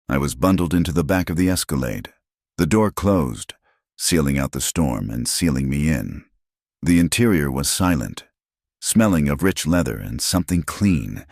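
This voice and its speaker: Extremely deep male audiobook narrator. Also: vocal fry, darkish tone, no echo, clean studio sound. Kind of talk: scripted first-person narration.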